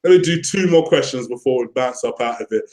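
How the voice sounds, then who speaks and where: A man's voice: medium pitch, lively intonation, fast, a little mellow. Easygoing man chatting about football. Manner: easygoing, laughing along, asks questions. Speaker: guest co-host. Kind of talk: casual fan chat.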